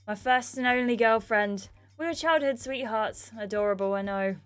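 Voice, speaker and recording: A woman's voice: a little high, moderate pace, smooth, close to an everyday voice. A woman reading as a cheeky goofy young guy.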